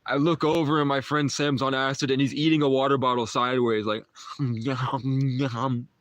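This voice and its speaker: A man's voice: medium pitch, steady tone, a little fast, a bit bright, dry recording. Rambling young man telling a story. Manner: rambling, uses "like" often, trails off and restarts. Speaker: livestream host. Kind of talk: casual storytelling to a live chat.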